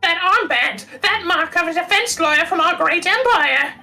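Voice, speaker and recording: A very high, bright voice for a despairing young foreign student, a woman acting him out. He is anxious, self-pitying and clings to anyone who will listen. Faint game music plays underneath. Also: animated, moderate pace, exaggerated voice, rough recording. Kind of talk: reading a visual novel aloud.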